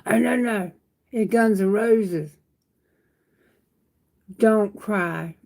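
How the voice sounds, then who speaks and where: A woman's voice: medium pitch, very slow, creaky, a little mellow, poor audio. A woman giving a live tarot reading, soothing and repeating reassurances to her viewers. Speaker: tarot reader.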